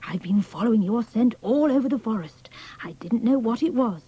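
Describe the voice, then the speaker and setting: A woman voicing a gentle young male hound puppy in a storybook reading, speaking in a hushed, breathy and earnest way. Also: a little high, lively intonation, normal speed, dry recording, lo-fi sound. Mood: worried.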